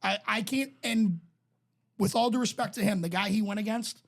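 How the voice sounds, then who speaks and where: Raspy man telling stories. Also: high-pitched, moderate pace. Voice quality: raspy, smoker-sounding voice. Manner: profane, rambling anecdotes with many restarts. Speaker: podcast co-host. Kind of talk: casual storytelling chat.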